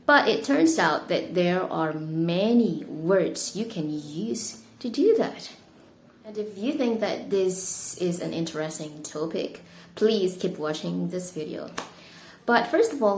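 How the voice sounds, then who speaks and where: Woman, Indonesian accent, slow careful teaching, fairly low voice, echoey room, faint hiss. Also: darkish tone. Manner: slow, careful, stresses key words. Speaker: English teacher. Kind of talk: explanatory lesson.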